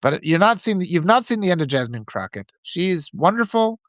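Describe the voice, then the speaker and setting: A man's voice: high voice, very animated, fairly quick, fairly bright tone, no room sound. A man hosting a live stream, giving impassioned political commentary and reading out viewer comments, with frequent restarts.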